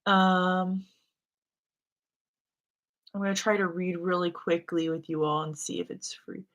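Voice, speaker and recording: A young American woman hosts a casual reading livestream, her lowish voice a little slow. She's relaxed and chatty, reading viewers' messages aloud as she goes.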